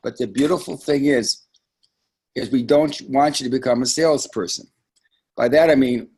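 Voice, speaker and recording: A man leads a sales training webinar in a husky, slightly breathy voice that is mid-range with a darkish tone. Coaching his team, he speaks in a conversational, emphatic way and often drifts into asides.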